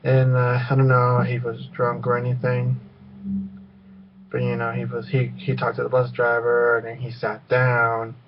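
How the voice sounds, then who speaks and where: A man's voice: medium pitch, completely flat delivery, moderate pace, muffled recording, background noise. A man telling a rambling story in a casual vlog, full of fillers and restarts. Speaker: vlogger.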